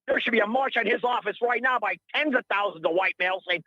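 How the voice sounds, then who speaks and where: A man's voice: high voice, quick pace, hardly any pauses, pushed and bright, no echo, muffled recording. A middle-aged man calling in to a radio show, ranting in a heated, rambling, indignant way and repeating himself. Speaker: caller. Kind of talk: heated call-in rant.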